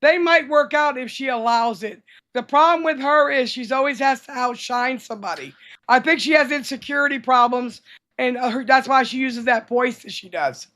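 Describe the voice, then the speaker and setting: Blunt, profane man with a very high voice. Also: normal speed, pushed and bright. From South Carolina. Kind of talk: casual streamed chat.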